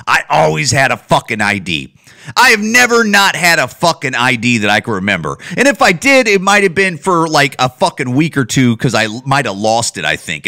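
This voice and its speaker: Guy podcaster ranting, swears a ton, kinda high bright voice, pitch jumps all over. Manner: profane, heated and blunt; repeats and restarts often. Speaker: podcast host and comedian. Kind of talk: casual ranting monologue.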